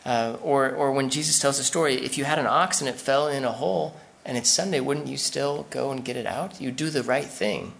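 A pastor delivers a sermon in a relaxed, conversational way, and every so often he acts out the voices of the people in his examples. His voice sits at an ordinary pitch for a man and carries a noticeable gravelly rasp. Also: a little fast, few pauses.

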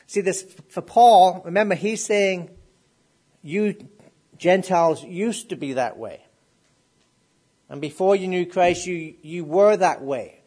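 A middle-aged man delivers a sermon in a voice pitched a little above most men's. He keeps asking his listeners questions and then lands on emphatic declarations. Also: lively intonation, slow pace, pauses often, a little mellow. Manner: asks the congregation questions, rises to emphatic declarations. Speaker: preacher.

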